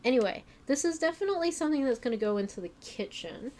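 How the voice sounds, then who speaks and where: A woman's voice: sits high, lively intonation, quick pace, a little mellow, slight background noise. A woman streaming from her home stream room, chatting casually and rambling with fillers and self-mocking asides. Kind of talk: casual chat while unpacking on stream.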